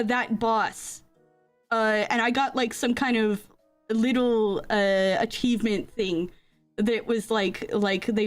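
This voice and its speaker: A young woman streamer chatting casually into a desk mic, telling rambling stories with frequent giggles. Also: a little high. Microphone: desk microphone.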